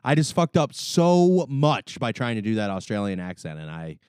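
Male podcast co-host, casual, animated, cursing a lot, dry close sound. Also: lowish voice, normal speed, clear, resonant tone, no room sound. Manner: animated, swearing, self-deprecating, laughs often. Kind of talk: casual chat.

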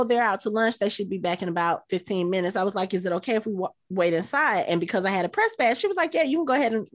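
A middle-aged woman co-hosting a podcast, telling a long convention story in casual chat and acting out the quotes in high voices. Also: no echo, clean studio sound. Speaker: podcast co-host.

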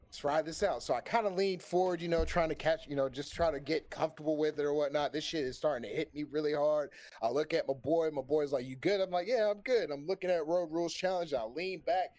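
Man with a higher voice spinning a profane yarn. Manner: animated, profane, acts out quoted dialogue. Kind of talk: casual storytelling on a stream.

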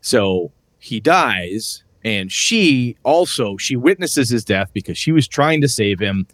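A man's voice: mid-range voice, lively intonation, takes it slowly, a bit bright, no echo. A man co-hosting a podcast, chatting casually and rambling through stories while acting out his friends' lines. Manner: rambling storyteller who acts out friends' lines. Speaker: podcast co-host. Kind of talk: casual chat about tabletop gaming.

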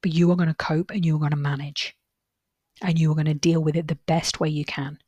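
Woman therapist, podcast host; husky, breathy tone; dry close sound; earnest, reassuring delivery with repeated emphasis. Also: sits low, level tone, brisk, darkish tone, dry recording, lo-fi sound. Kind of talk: podcast monologue with client anecdotes.

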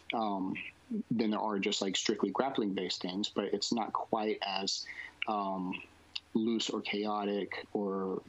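A man's voice: on the low side, muffled recording. A man, a jiu-jitsu instructor, answering interview questions casually and rambling with lots of fillers and restarts.

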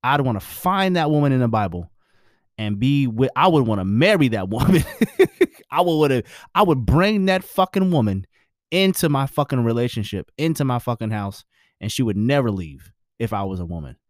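A man's voice: medium pitch, expressive, normal speed, no room sound, studio quality. A married man giving his views in a blunt, preachy, profane casual monologue.

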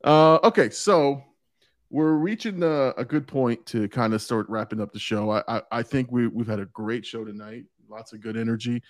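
A man hosting a live-stream show, chatting casually and laughing often as he talks. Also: medium pitch. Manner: laughs often, quick restarts. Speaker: podcast host.

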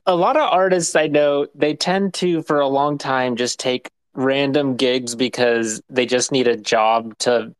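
A man with a smooth, clear voice asking questions on a podcast. His delivery is measured and thoughtful. The sound is dry and close. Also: medium pitch, dry recording, rough recording. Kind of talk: casual podcast chat.

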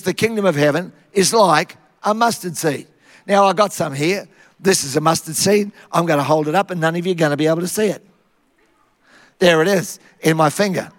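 A high-pitched Australian man from Queensland preaches a sermon. He tells Bible stories in a lively, humorous way and acts out the scenes. His voice carries a long reverb from a large hall. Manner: lively storytelling, acting out Bible scenes with humour.

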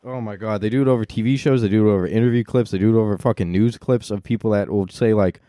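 A man's voice: on the low side, steady tone, quick pace, warm tone, no room sound, studio quality. A young man co-hosting a podcast, laid-back and profane, with lots of likes. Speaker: podcast co-host. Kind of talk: casual chat.

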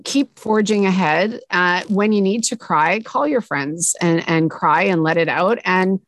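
A woman's voice: lowish voice, unhurried, no room sound. A woman hosting a podcast, talking in an upbeat, sassy and emotional way. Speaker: podcast host. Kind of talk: casual chat.

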